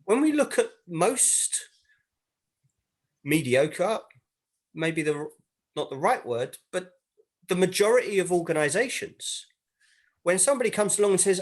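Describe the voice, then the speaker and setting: Male panelist, high-pitched, measured and persuasive. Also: expressive. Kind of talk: panel discussion.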